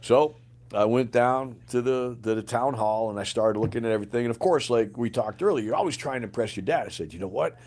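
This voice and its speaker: A man in his sixties, an army veteran and podcast guest, telling stories in an animated way, swearing often and calling the listener man and bro. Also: medium pitch, a little fast. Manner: animated, profane, says man and bro a lot. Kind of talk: storytelling in a podcast interview.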